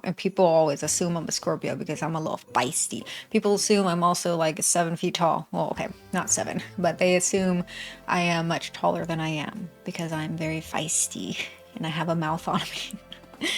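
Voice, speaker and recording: A woman's voice: on the low side, normal speed, soft background music. A woman hosting a reaction video, making chatty, laughing asides to her viewers. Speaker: reaction channel host. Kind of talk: casual reaction commentary.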